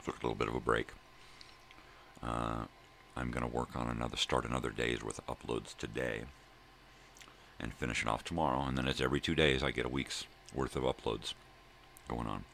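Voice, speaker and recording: A man's voice: extremely low pitch, fairly even intonation, fairly quick, creaky, fairly bright tone, slight background noise. An older man rambling casually to viewers from home in the early morning, profane and drifting between thoughts. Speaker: daily vlog host.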